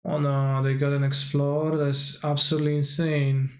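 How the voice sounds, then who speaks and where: A man's voice: on the high side, flat delivery, normal speed, echoey room. A man streaming himself playing a card game, talking through his plays and answering chat viewers as he goes. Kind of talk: casual gameplay commentary.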